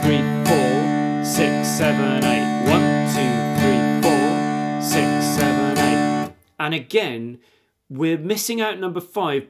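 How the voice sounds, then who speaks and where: A man teaching a guitar lesson, patiently counting beats aloud and explaining strum directions while he plays. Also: mid-range voice. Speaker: music teacher. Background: guitar playing.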